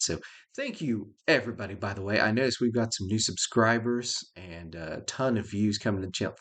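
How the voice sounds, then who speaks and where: A middle-aged man with a drawl hosts his own vlog in a loose, unscripted way. His voice sits a little low, and he keeps circling back with fillers and half-finished restarts. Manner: rambling, conversational, with frequent fillers and self-restarts. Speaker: YouTube host. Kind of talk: casual rambling vlog.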